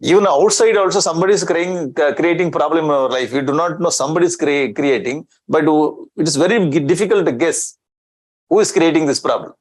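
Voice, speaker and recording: A man's voice: on the high side, fairly quick, poor audio. A man giving a scripture discourse as a swami, chanting Sanskrit verses and explaining them in with rhetorical questions.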